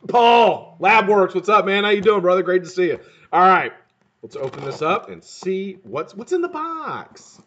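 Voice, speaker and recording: A man hosting a live stream in casual chat, greeting viewers by name and swearing freely, his voice sounding a bit hoarse. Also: high voice, moderate pace, a bit bright, dull audio. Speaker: livestream host.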